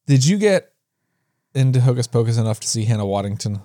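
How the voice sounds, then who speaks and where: A man's voice: mid-range voice, expressive, mellow, no room sound, clean studio sound. A man co-hosting a podcast in casual chat, jokey and fond of silly voices. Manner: jokey, drawn-out delivery, plays with silly voices. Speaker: podcast co-host.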